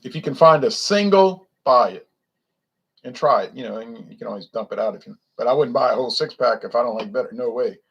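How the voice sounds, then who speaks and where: Casting: man with a Louisiana accent, mid-pitched, blunt and opinionated, casual rambling vlog review. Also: a little fast, gravelly, fairly bright tone, slight background noise. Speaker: beer reviewer.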